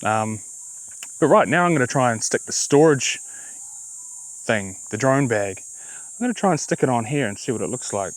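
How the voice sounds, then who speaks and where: A man with a New Zealand accent giving a relaxed, chatty review of a small motorbike, with fillers and self-corrections. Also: mid-range voice, moderate pace, pauses often, dry recording, rough recording. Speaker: vlogger. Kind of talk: casual vehicle review.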